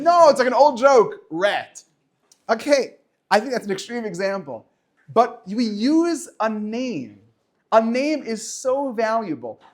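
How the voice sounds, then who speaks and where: A middle-aged man, a rabbi giving an informal weekly talk to high school students, animated, with joking asides and many restarts.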